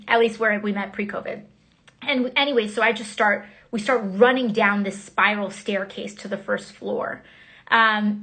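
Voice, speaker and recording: Woman recounting, halting and filler-heavy. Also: on the high side, fairly bright tone. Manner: rapid, halting retelling full of fillers and restarts. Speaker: member of Congress. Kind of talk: casual first-person recounting on a livestream. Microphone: phone.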